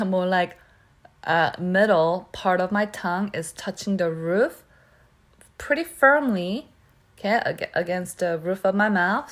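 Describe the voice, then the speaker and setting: Patient woman teaching pronunciation. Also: on the low side. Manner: patient, repeats words slowly and checks in with "okay?". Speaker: Korean language teacher. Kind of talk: pronunciation lesson.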